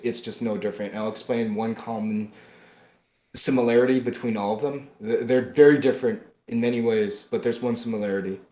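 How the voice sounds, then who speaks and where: A man co-hosting a podcast, delivering a heated political rant that swings between loud outbursts and low muttering. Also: reverberant. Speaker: podcast co-host.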